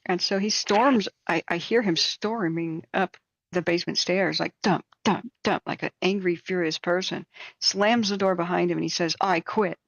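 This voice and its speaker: A woman's voice: fairly low pitch, steady tone, normal speed, gravelly, no echo, low-quality recording. A woman hosting a live stream, chatting casually and telling rambling anecdotes with plenty of fillers. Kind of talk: casual chat and storytelling.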